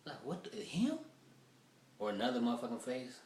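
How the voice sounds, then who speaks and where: A man running through stand-up material in an animated, profane, rambling way. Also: mid-range voice, normal speed. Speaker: stand-up comedian. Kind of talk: stand-up rehearsal. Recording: roomy echo, mic far off.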